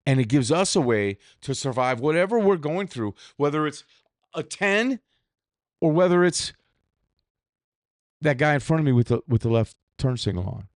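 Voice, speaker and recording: A man hosts a solo reflective podcast in a dry, studio-quality recording, his higher-pitched voice swinging widely in pitch. At a moderate pace with frequent pauses, he talks candidly and profanely, rambling and restarting his sentences.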